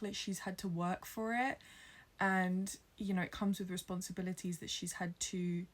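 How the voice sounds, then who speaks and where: Woman book vlogger, tired but excitable, gushing casual chat with whispered asides. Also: medium pitch. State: tired after hours of reading. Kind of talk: casual reading vlog chat.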